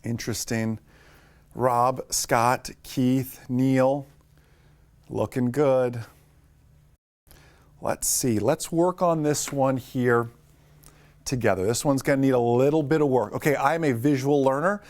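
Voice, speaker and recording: A man teaching a live online lesson for drone pilots, talking fast and upbeat, greeting viewers by name. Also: mid-range voice, a little mellow.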